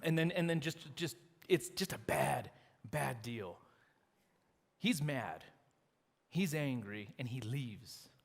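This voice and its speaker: A man preaching a sermon as pastor, retelling a story in a lively, animated way with acted quotes. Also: medium pitch, takes it slowly, creaky, long pauses. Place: church sanctuary. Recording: long reverb of a church hall.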